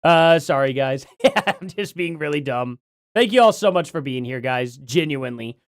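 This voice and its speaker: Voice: mid-range voice, lively intonation, normal speed, dry recording, clean studio sound. A livestream host chatting casually from home, rambling and correcting themself while reading out donations. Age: adult parent.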